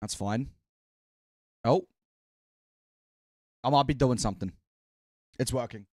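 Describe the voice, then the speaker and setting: A man hosting a live watch-party stream, chatting casually with his viewers while fiddling with setup, his voice worn out and hoarse. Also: mid-range voice, takes it slowly, a little mellow, dry recording, studio quality.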